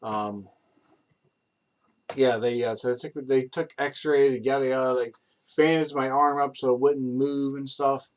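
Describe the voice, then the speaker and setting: A man's voice: medium pitch, steady tone, measured pace. A young man telling a rambling personal story, with many fillers, restarts and swearing. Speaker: improv storyteller. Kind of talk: casual rambling anecdote.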